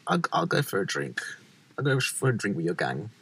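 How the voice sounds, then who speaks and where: A young man, chatting casually as a vlog co-host, animated and swearing freely. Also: fairly low pitch, a little fast, creaky, breathy edge. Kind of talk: casual chat.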